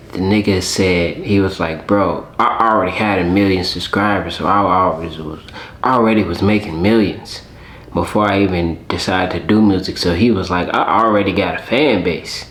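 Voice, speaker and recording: A man's voice: sits low, moderate pace, a bit bright. Slangy, blunt man in a roomy space. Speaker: reaction streamer. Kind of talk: casual reaction commentary.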